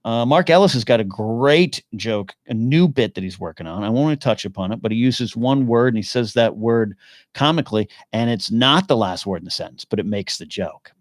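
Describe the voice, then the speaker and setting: A man's voice: medium pitch, expressive, normal speed, no room sound. Rambling male podcast host, dry sound. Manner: rambling, thinking aloud with restarts; answers chat questions as he goes. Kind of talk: casual live-stream chat.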